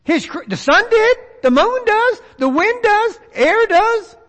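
A man's voice: very high-pitched, very animated, slow, fairly bright tone. A man preaching a folksy sermon, acting out the voices of others. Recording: long reverb of a large hall.

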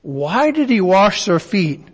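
A man's voice: high-pitched, very animated, slow pace, breathy edge, long reverb tail. A man teaching a Bible study in a conversational way, often asking his listeners questions.

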